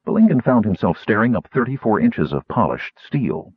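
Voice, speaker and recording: A male audiobook narrator with a very low, husky voice that rises and falls freely as he reads. The sound is thin and phone-like and very dry, with no room around it. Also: moderate pace, no room sound. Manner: lively, expressive reading. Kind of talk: scripted narration.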